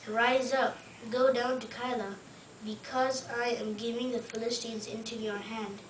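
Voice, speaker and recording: A woman reading the words of God in a calm, measured way. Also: on the high side, slight background noise, natural voice. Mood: solemn. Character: God answering, a calm divine voice. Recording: roomy, distant mic, faint ambience.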